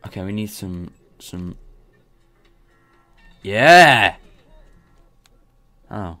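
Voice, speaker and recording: A young man casually commenting on his own gameplay, rambling and excitable, swearing and laughing as he goes. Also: lowish voice, moderate pace, no echo, soft background music.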